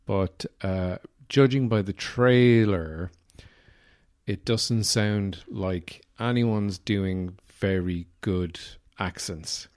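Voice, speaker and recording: Low-voiced Irish man rambling on a podcast. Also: drawn-out words, a little mellow, clear, resonant tone. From Ireland. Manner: rambling and digressive, many "uh" fillers; wry, self-deprecating humor. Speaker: podcast host. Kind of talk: casual solo podcast talk.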